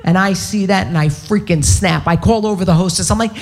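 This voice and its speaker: A woman's voice: mid-range voice, a little fast, few pauses, a little hiss or hum. A woman doing a stand-up comedy set on stage, brash, profane and punchy. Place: on stage at a live show.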